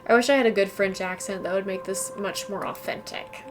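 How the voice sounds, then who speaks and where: A woman's voice: mid-range voice, fairly even intonation, a little fast, very noisy. A woman streaming a mystery game, making casual, wry asides between the dialogue. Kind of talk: gameplay commentary.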